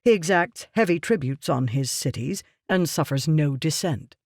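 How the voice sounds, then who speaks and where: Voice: medium pitch, animated, moderate pace, a little mellow, dry recording, studio quality. An audiobook reader voicing a ruthless, scheming merchant man who talks down to others in a curt, lecturing way. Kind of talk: audiobook character reading.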